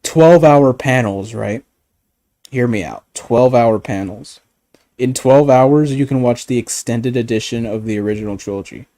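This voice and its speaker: A man ranting in casual chat as a streamer, animated and profane, often laughing. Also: medium pitch, a little slow, no echo.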